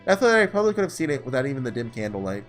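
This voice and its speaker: A man's voice: mid-range voice, big pitch swings, racing, faint music behind, lightly acted. A man reading a weary young woman narrator. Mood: reflective.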